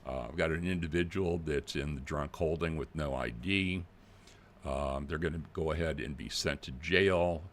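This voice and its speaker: A man's voice: rumbling low, moderate pace, a little hiss or hum. A man doing a pushy fake cop on the phone. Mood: officious. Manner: brusque, impatient, bullying. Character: pushy male phone scammer posing as a police officer.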